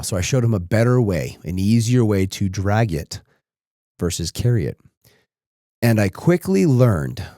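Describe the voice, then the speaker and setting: Low, warm-voiced man telling a story. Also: dry recording, studio quality. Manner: reflective, becomes emotional and tearful while recounting. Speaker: podcast host. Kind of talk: personal storytelling monologue.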